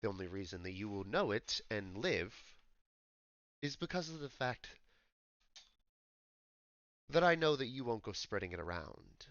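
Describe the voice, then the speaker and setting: A man voicing a composed older high elf spymaster, mock-posh English, lively delivery. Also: unhurried, long pauses, dry recording, muffled recording. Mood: suave. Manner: attempted posh English accent.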